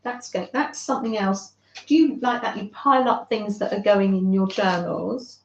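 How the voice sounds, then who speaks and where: A woman hosting a craft channel, chatting gently and fondly with viewers on a livestream. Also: mid-range voice, moderate pace, echoey room, muffled recording, slight background noise. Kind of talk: casual livestream chat with viewers.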